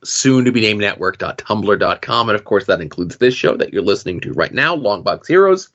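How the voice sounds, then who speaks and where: A man with a low voice hosts a podcast, running through links and plugs in a loose, chatty way, full of "uh"s. The sound is dull and lo-fi. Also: animated, fairly quick, fairly bright tone. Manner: chatty, with filler "uh"s. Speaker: podcast host. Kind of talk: reading show plugs and links. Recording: dull lo-fi audio.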